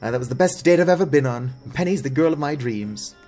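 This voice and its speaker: A man's voice: mid-range voice, lively intonation, fast, a little mellow, faint music behind, natural voice. A man voicing an earnest, lovestruck young man in a game, talking in an eager, gushing way. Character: young male mayor's son, lovestruck and earnest.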